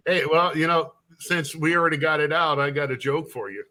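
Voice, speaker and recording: A man's voice: on the high side, steady tone, fairly quick, pushed and bright. A man in casual online chat who rambles and laughs while telling a long joke.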